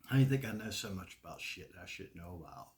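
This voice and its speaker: A man's voice: low voice, expressive, quick pace, a little mellow. A man with a Southern US accent, talking in a rambling, profane casual monologue and laughing often. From American South. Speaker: video creator.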